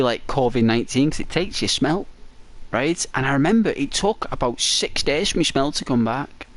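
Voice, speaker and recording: A man chatting casually during a break in his game stream, his throat dry and croaky, rambling and peppering his talk with "like". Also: medium pitch, fairly bright tone. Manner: rambling, full of "like".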